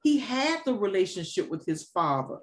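A woman hosting a casual conversation, expressive and quick to laugh. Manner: animated, laughs easily, expressive pitch swings. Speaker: host.

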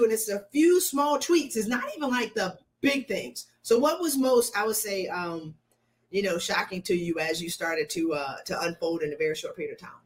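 A woman's voice: medium pitch, animated, normal speed. Earnest woman coach interviewing. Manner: earnest, repeats key lines, motivational. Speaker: coach and host.

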